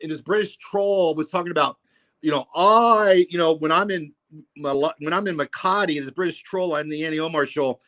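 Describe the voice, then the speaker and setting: Guy rambling on his livestream, swears a lot, kinda high voice. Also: moderate pace, pushed and bright. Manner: rambling, profane, lots of "you know, man". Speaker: livestream host. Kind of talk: casual livestream chat.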